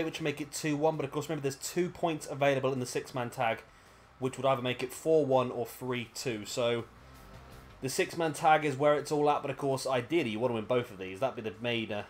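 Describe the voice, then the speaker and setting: A British man giving chatty, rambling play-by-play commentary over a wrestling video game, often correcting himself mid-sentence. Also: medium pitch. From Britain. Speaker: gaming commentator.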